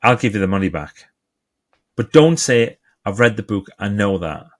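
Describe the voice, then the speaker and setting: Lively Geordie man, low voice. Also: moderate pace. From England. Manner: animated storyteller, acts out quoted voices. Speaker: guest author. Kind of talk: conversational interview.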